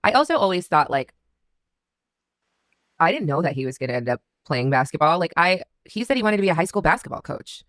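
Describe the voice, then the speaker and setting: A woman's voice: deep voice, sing-song, a little fast, fairly bright tone, dry recording, clean studio sound. A woman in her thirties answering an interview, telling a candid story with many "like"s. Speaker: interview guest.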